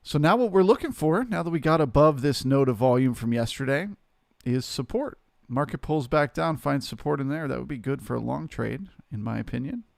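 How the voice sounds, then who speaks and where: A man hosting a live trading stream, talking through the market in a relaxed, chatty way and greeting viewers by name. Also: mid-range voice, a little fast, creaky, hardly any pauses, dry recording, clean studio sound.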